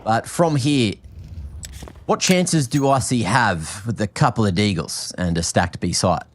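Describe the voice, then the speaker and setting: A man's voice: fairly low pitch, unhurried. A man casting an esports match in a playful, jokey, mock-exasperated way. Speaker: esports caster. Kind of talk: casual co-commentary banter.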